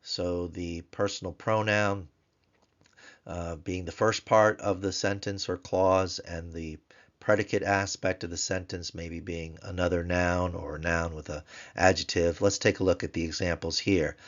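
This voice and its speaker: A man teaching a recorded grammar lesson, slowly repeating each word several times for drill. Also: low voice, flat delivery, fairly bright tone. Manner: slow, repeats words for drill. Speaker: language teacher. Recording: dull lo-fi sound.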